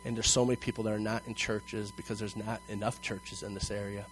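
A male pastor preaching a sermon to a congregation in church, telling a personal story and acting out its dialogue with animated delivery. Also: on the low side, fairly quick, a little hiss or hum, poor audio. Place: church service before a congregation.

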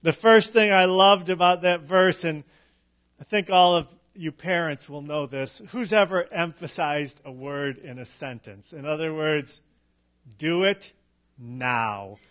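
A middle-aged man preaching a sermon, emphatic and unhurried, with dramatic pauses and touches of humor. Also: on the high side, fairly bright tone. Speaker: pastor.

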